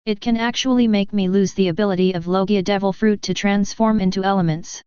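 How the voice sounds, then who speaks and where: A woman voicing an arrogant male navy admiral who talks with scorn, in a smooth voice on dull lo-fi audio. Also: medium pitch, steady tone, brisk, darkish tone, no room sound, close to an everyday voice. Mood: alarmed.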